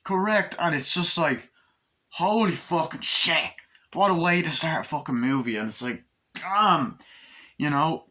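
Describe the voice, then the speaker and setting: A man raving in a casual movie review, with a bright, sharp tone. He swears freely and keeps jumping into the scenes he describes. His energy stays high throughout. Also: normal speed. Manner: excited, profane, acts out scenes.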